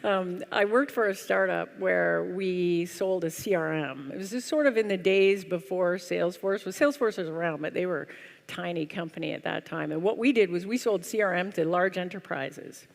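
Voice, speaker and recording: A woman giving a humorous keynote talk on stage, telling a story in a lively, wry, self-deprecating way. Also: on the low side, normal speed, gravelly. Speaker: conference speaker. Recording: long hall reverb.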